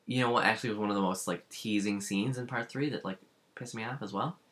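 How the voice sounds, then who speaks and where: A man in casual chat about films, ranting in an animated way and acting out his own reactions. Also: fairly low pitch, quick pace. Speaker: podcast co-host.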